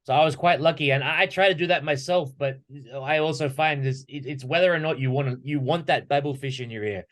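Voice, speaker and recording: A man guesting on a podcast, talking lively and acting out questions and quotes as he tells stories about training. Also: a little high, brisk, hardly any pauses. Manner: animated storyteller who acts out quoted questions. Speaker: podcast guest, martial arts instructor. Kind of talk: conversational podcast talk.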